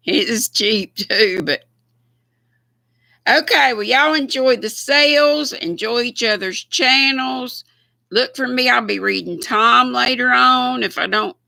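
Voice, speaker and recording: A woman's voice: mid-range voice, gravelly, pushed and bright, no room sound. An older woman with a Southern US accent, chatting casually and folksily with viewers on her livestream, often laughing. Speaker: livestream host.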